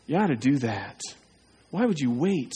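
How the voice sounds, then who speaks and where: A man's voice: medium pitch, very animated, moderate pace, warm tone, slightly rough. A man preaching an evangelistic sermon, pleading and urgent, often putting questions straight to his listeners. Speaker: pastor.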